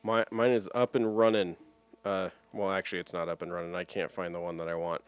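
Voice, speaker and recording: A man co-hosting a podcast in casual chat, animated and laughing often as he retells cartoon gags. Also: deep voice, brisk, smooth, no echo. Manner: animated, laughs a lot, mimics cartoon voices. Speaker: podcast co-host.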